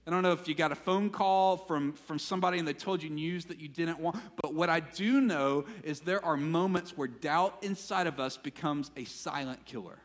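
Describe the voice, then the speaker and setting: A man preaching a sermon as pastor, animated when acting out quotes and dropping to a quiet, intense voice for emphasis. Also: on the high side, normal speed, hardly any pauses, long reverb tail. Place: church sanctuary.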